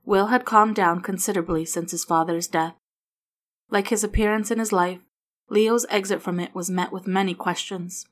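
A woman narrating a story in an even, unhurried reading voice. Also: medium pitch.

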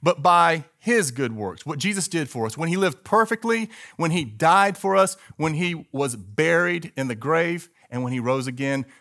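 A man's voice: a little high, animated, moderate pace, few pauses, fairly bright tone. A middle-aged male pastor preaching a sermon emphatically, calling on the congregation to repeat words with him.

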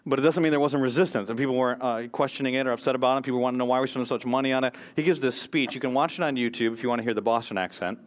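An American man preaching a sermon as pastor, earnest and emphatic, quoting scripture and speeches. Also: mid-range voice.

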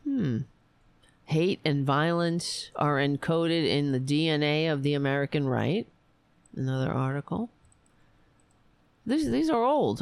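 A woman hosting a political livestream, hoarse and raspy after a long show, reading headlines and commenting in a wry, meandering way. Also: sits low, dry recording. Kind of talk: casual opinionated commentary.

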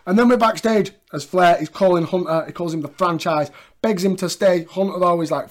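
A man's voice: high-pitched, fairly quick. A man co-hosting a podcast, recapping wrestling in casual chat with lots of laughter and quoted lines. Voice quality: laughs often, quotes lines in put-on voices. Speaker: podcast co-host.

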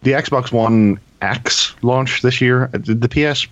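A man's voice: mid-range voice, slow, fairly bright tone, no echo, muffled recording. A man co-hosting a gaming podcast, chatting casually in a wry, rambling way and correcting himself as he goes. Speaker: podcast co-host. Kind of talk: casual chat.

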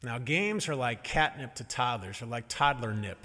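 A middle-aged man telling a family story on stage, animated and pausing for effect. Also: mid-range voice, long reverb tail. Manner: animated, acts out quoted voices, pauses for effect.

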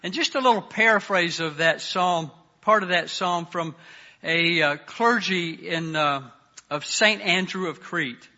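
Male pastor, earnest sermon delivery, bright and piercing tone, soft on the prayers. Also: high-pitched, measured pace, dull audio. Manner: earnest, varies loudness, drops soft on prayers. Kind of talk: sermon with scripture reading.

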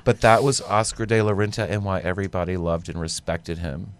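A man co-hosting a podcast, telling a lively story in casual chat. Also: low-pitched, fairly quick, clean tone. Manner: animated storyteller, acts out quoted dialogue. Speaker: podcast co-host.

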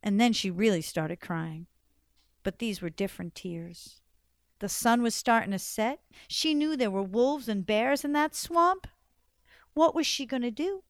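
An expressive woman storyteller telling a folktale aloud, her voice swelling and falling for drama. Her voice sits fairly high and the sound is close and dry. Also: a little slow, no echo. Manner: expressive, lively, varies volume for drama.

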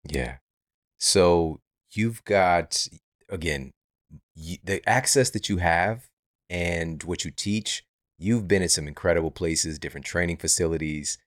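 A man hosting a podcast interview, asking curious questions in a relaxed, affirming way. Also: low voice, measured pace, no room sound, clean studio sound. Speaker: podcast host.

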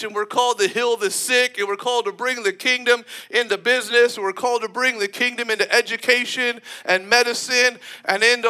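A man preaching a sermon in an animated, emphatic way, often breaking into laughter. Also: extremely high pitch.

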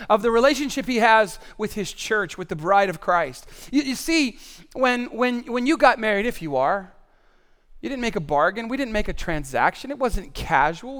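A man delivers a sermon in a high, smooth voice with a resonant ring. He is animated and conversational, rising to loud emphatic bursts and then dropping to quiet, solemn passages. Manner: animated, swings from loud to hushed. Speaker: pastor.

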